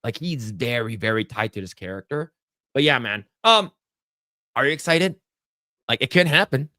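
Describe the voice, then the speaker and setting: A man co-hosting a podcast in casual chat, animated and profane, with sudden leaps into a much higher voice when acting out reactions. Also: normal speed, dry recording, studio quality. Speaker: podcast co-host.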